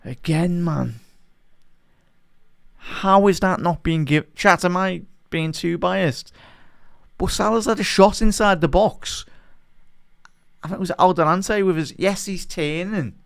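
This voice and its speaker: A man with a fairly high, smooth voice calls a football match live for his online chat. He is an excitable fan who mutters through quiet spells, then erupts in outrage at refereeing calls. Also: slow pace, long pauses. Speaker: watch-along match commentator. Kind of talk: live fan watch-along commentary.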